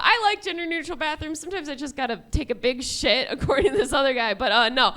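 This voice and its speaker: A woman in her twenties doing a stand-up comedy set on a club stage, deadpan delivery and laughing at her own jokes. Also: high voice, a little fast, slight background noise. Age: 20s.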